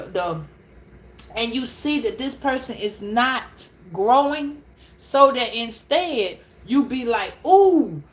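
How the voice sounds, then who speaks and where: A woman telling a story casually to camera, animated and laughing, repeating words as she goes. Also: on the high side. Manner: animated, laughing, repeats words, calls listeners girl and child. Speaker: tarot reader.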